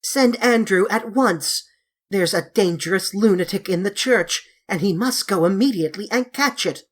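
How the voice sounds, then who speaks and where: A frightened, clinging vicar's wife with a shrill, pleading voice, as a woman reader plays her. Higher than the narration, with a breathy, husky tone. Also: moderate pace, lightly acted.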